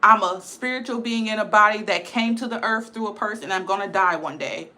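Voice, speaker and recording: A woman's voice: medium pitch, fairly quick, pushed and bright. A woman giving a blunt, emphatic casual livestream rant, repeating her points. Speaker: live streamer.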